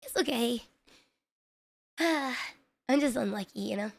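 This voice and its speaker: High gravelly woman streamer, rambly and frustrated, lots of "like", casual chat. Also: animated, slow pace. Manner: rambling, filler-heavy, self-deprecating.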